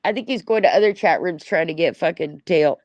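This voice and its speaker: A woman's voice: fairly low pitch, fairly quick, a little mellow, dry recording. A middle-aged woman hosting a livestream, ranting at her chat in an angry, profane, repetitive way. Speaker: livestream host.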